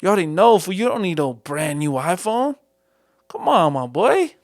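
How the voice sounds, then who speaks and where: Slangy Chicano-accented young man, high voice. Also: big pitch swings, moderate pace, no echo, clean studio sound. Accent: Chicano English. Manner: slangy, says "fool" constantly, rambling. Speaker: podcast host. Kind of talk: casual solo podcast talk. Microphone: studio mic.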